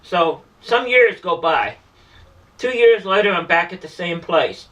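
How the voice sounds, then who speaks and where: A man's voice: high voice, big pitch swings, unhurried, fairly bright tone, highs cut off. A man telling an emotional personal story in an earnest, repetitive way, often stumbling and restarting his sentences. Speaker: street performer and vlogger. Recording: voice distant from the mic.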